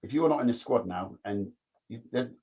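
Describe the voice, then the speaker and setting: A man's voice: mid-range voice, expressive, normal speed, slightly rough. A man, a former footballer telling stories in casual chat, rambling and repeating himself. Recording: dull lo-fi sound.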